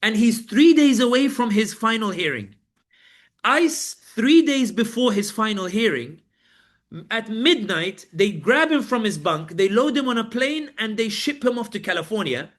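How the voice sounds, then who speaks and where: Man, guest journalist on a live panel, animated storyteller acting out quotes, fairly high voice. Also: moderate pace. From Britain. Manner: vivid storytelling, acts out guards and inmates in quotes.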